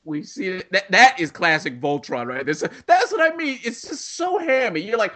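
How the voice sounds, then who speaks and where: A man's voice: high voice, lively intonation, moderate pace, hardly any pauses, pushed and bright. A man ranting in a casual chat, acting out scenes in quoted voices.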